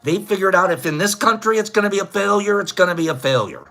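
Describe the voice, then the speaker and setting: A lively, bright-voiced man hosts a casual livestream, running a trivia contest and bantering with his viewers. His slightly high voice swings up and down as he jokes and laughs at his own punchlines, with faint music playing behind him. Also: fast talker.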